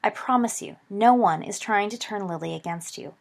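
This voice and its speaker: A woman's voice: medium pitch, moderate pace, creaky, lightly acted. A woman reading aloud, voicing a wary, placating teenage wizard boy close to her own voice. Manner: mild, placating.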